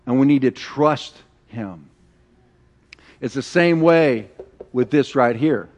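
A middle-aged man preaching a sermon, telling stories with animated, acted-out quotes. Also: mid-range voice, slow. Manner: animated storytelling, acting out quoted voices. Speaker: pastor.

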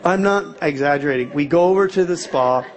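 A man's voice: on the high side, brisk. A middle-aged man telling a humorous personal story to an audience in a self-mocking, exaggerated comic way.

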